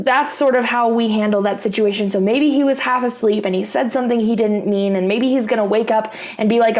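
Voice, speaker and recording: A woman's voice: medium pitch, a little mellow. A young woman vlogging in a casual, rambling chat with many fillers.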